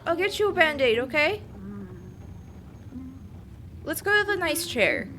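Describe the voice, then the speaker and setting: A young woman streaming a game, reacting with frantic screams and rushed, apologetic chatter. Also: very high voice, big pitch swings, pushed and bright. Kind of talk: live gameplay commentary. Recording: noisy stream mic that clips on screams.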